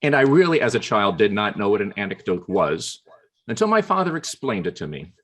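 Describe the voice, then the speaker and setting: A man giving a humorous prepared speech at a club meeting over a video call, telling anecdotes with playful pauses. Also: lowish voice, very animated, a bit bright. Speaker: Toastmasters club speaker.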